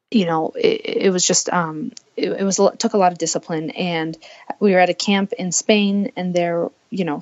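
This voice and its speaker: A woman's voice: lowish voice, highs cut off. A woman in her twenties from the United States, telling her own story earnestly as a podcast guest and voicing her past thoughts aloud. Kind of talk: candid personal storytelling.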